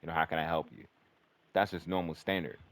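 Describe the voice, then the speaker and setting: A man's voice: a bass voice, fast, no echo. A young man telling a long, rambling story in casual chat, swearing freely and filling his speech with "like" and restarts. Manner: animated, profane, rambling with fillers.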